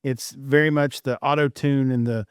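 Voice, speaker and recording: A man's voice: medium pitch, steady tone, clean tone, no room sound. Opinionated man talking casually, dry mic. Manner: measured, opinionated, with frequent restarts. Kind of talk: casual chat.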